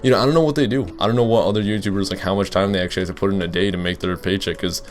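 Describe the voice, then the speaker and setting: A man's voice: sits low, fairly even intonation, very fast. A young man who makes gaming videos, answering viewer questions while playing, rambling with lots of fillers and restarts. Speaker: gaming YouTuber. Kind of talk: casual Let's Play commentary with Q and A.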